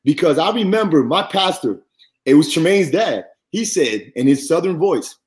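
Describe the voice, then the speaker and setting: A man guest on a podcast, earnestly telling a faith-centered personal testimony, animated and rising high when he quotes others. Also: normal speed.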